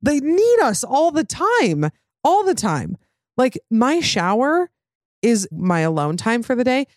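A woman's voice: a little high, big pitch swings, slow, no room sound, studio quality. A young adult woman hosting a casual, candid chat, rambling with many fillers and frank swearing.

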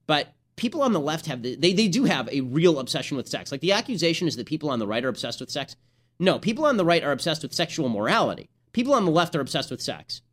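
A young man hosting a podcast, delivering a sarcastic, rapid-fire political commentary monologue. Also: fairly high pitch, sing-song. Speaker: podcast host.

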